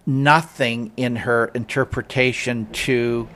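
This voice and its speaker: A man talks through his view of a stage production at an unhurried pace. He hesitates, repeats words and restarts his sentences as he weighs his opinions like a critic. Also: mid-range voice, steady tone, a bit bright. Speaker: theater critic. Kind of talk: casual review chat.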